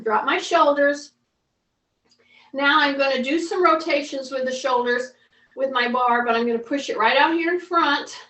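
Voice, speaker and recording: A woman with a high, sharp-toned voice teaches a live mobility class, giving the same patient coaching cues repeatedly. The recording comes from far off in an echoey space.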